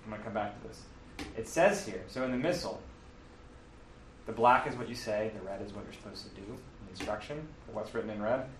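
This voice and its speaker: A man with a fairly low voice talks a little fast as he casually walks listeners through the Mass, using fillers and correcting himself along the way, like a teacher explaining it. The recording is roomy and distant, with faint ambience and a little hiss or hum.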